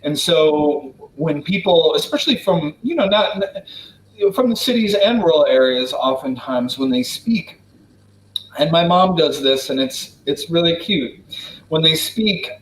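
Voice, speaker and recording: An American man from Wisconsin answering questions in a relaxed, casual way, with many fillers and restarts. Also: a little high, measured pace, echoey room, a little hiss or hum, low-quality recording. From Wisconsin, United States. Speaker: guest diplomat answering questions. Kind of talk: casual spoken Q&A.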